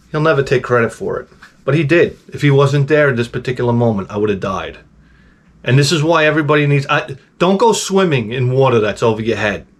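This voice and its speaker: A man telling a personal story in a casual, rambling, animated way, with swearing and restarts. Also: medium pitch. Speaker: host.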